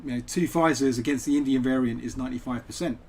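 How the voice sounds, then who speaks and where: Male streamer, average pitch, casual rambling chat to viewers from home. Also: quick pace, a little mellow, a little hiss or hum. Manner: rambling, chatty, digressive. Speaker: poet and game streamer. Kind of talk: casual live-stream chat over gameplay.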